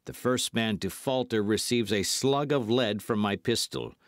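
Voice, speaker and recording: Casting: man doing a masked outlaw, low and stern, cold commands, dry sound. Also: unhurried, no echo, close to an everyday voice. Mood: commanding. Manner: stern, clipped threats.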